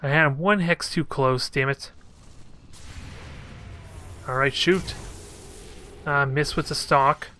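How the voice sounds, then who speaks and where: A man's voice: on the high side, fairly even intonation, slow, long pauses, bright, forceful tone, slight background noise. A man commenting casually on his own strategy gameplay, thinking aloud and cracking joking asides at his units. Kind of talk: casual let's play commentary.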